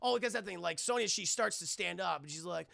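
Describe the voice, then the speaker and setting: A man's voice: high-pitched, quick pace, gravelly, pushed and bright, dry recording, studio quality. A man streaming live, recapping a film to his chat in a sarcastic, swearing, casual way and acting out the scenes.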